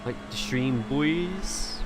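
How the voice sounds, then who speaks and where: A man's voice: medium pitch, drawn-out words, background noise. An English man streaming a racing sim, chatting loosely with viewers and giving driving tips. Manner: chatty, rambling, reads viewer chat aloud between driving tips. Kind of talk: casual live-stream chat while driving.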